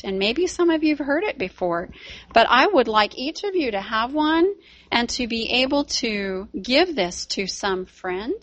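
A woman teaching children at church tells a Bible story and gently talks to the kids. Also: a little high.

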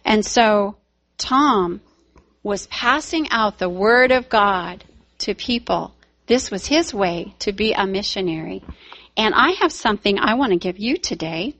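Slow-spoken woman teaching children. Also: mid-range voice, expressive, a bit bright. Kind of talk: storytelling to children.

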